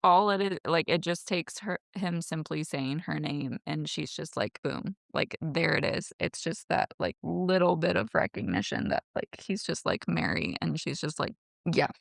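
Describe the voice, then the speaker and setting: A woman co-hosting a faith podcast, speaking in a gentle, reflective way. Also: deep voice, animated, moderate pace, creaky, no room sound, studio quality. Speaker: podcast co-host. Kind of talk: casual faith chat.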